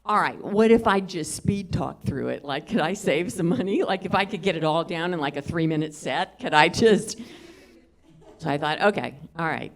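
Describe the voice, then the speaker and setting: A woman's voice: fairly low pitch, moderate pace. A middle-aged woman works a comedy club stage. Her stand-up set rambles from story to story in a self-deprecating way. She keeps turning to chat with the crowd. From Southwest Louisiana.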